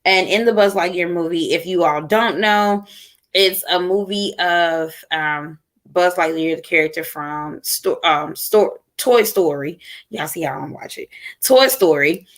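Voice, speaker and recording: Woman, casual livestream host, lower voice, tired and frustrated, rambling. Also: steady tone, measured pace, fairly bright tone.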